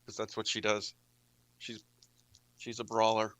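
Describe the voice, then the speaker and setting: A man's voice: lowish voice, completely flat delivery, unhurried, fairly bright tone, no room sound, lo-fi sound. A man playing a tabletop game, describing his character's actions in an eager, rambling way. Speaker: player.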